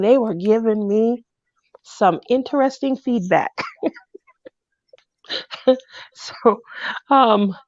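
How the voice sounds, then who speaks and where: A woman telling a personal story in a casual, animated way. She acts out the people she quotes in a loud voice. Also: medium pitch, dry recording. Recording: dull, dry lo-fi recording.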